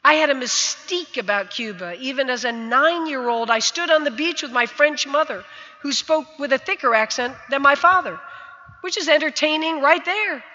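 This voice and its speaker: A woman's voice: high voice, animated, moderate pace, bright, forceful tone. A woman in her sixties from the United States, giving a vivid personal storytelling speech on a stage. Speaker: speaker. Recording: dull sound, long hall reverb.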